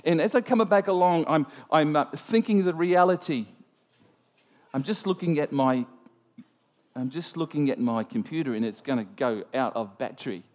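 A man preaching to a congregation, his voice sitting a little high. He tells a story with lively, self-mocking asides. The sound rings out with the long reverb of a large hall. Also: moderate pace. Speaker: pastor. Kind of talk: sermon.

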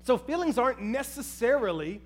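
Pastor, male, very high voice, lively storyteller who talks to the crowd. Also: moderate pace. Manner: animated storytelling, addresses the crowd as "y'all". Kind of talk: sermon with personal story.

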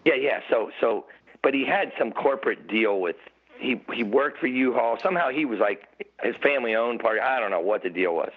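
With a mid-range, expressive voice that's fairly quick and a bit breathy, this middle-aged podcast guest, once a motorcycle racer, rambles through laughing tales of the old days, often restarting. Tinny, phone-like audio.

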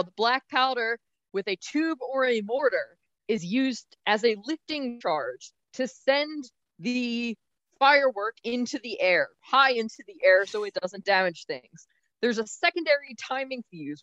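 A woman co-hosting a podcast, explaining science briskly in a casual, easygoing way. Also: a little high, a bit bright, no room sound, highs cut off. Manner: brisk, explanatory, laughs easily. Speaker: podcast co-host.

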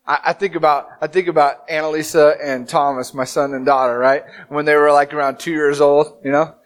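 A man in his thirties preaching a sermon as pastor, telling the story with animated, dramatic acted-out quotes. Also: a little high, brisk.

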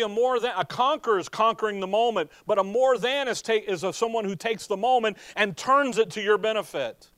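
High-voiced, emphatic male preacher. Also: a bit bright, no echo. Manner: asks the congregation rhetorical "what?" questions. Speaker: pastor. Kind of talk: sermon.

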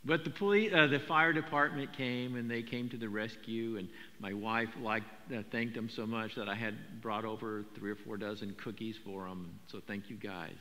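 An older man preaching a sermon, talking in a conversational, animated storytelling way with frequent repetitions. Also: lowish voice, moderate pace, few pauses. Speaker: pastor. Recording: long hall reverb.

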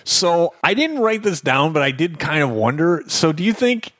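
A man co-hosting a casual podcast about movies, lively and amused, laughing along with his co-host. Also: on the high side, moderate pace, no echo.

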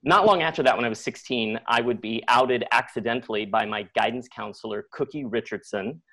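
A middle-aged man telling a personal story on live radio, conversational and animated, with many likes and acted-out quotes. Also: mid-range voice, a little fast. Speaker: storyteller guest.

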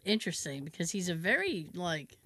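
A woman's voice: on the low side, brisk, dry recording. A woman co-hosting a podcast in casual chat, telling stories and slipping into voice impressions. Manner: chatty storyteller with lively voice impressions. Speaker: podcast co-host.

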